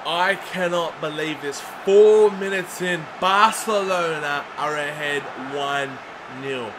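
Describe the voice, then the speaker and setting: A young man, a regular on the channel, excitably commentating a football video game, swinging from groans to yells. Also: on the high side, slow, noisy background. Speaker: gaming commentator.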